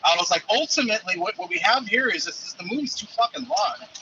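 A man's voice: high-pitched, lively intonation, quick pace, dull audio, noisy background. A man calling in as the show's movie reviewer, talking casually and stumbling over repeated words, with some swearing. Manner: hesitant, repeats words, profane. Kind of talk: casual call-in chat.

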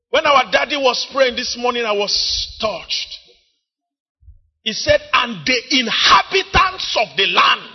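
Nigerian male preacher, very high voice, impassioned sermon with shouted, drawn-out lines. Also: sing-song, breathy edge. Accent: Nigerian English. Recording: dull lo-fi recording.

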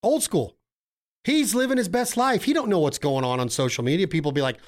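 Brash, joking man, higher voice. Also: brisk. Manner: brash, joking, swears freely. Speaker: podcast host. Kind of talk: casual banter.

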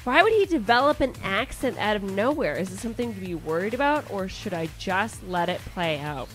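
A woman's voice: mid-range voice, animated, brisk, soft background music. A young woman with a Midwestern accent, co-hosting a comedy podcast and reading listener letters in a chatty, rambling way. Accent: Midwestern American. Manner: chatty, rambling, frequent restarts and laughter. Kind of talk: casual comedy podcast chat.

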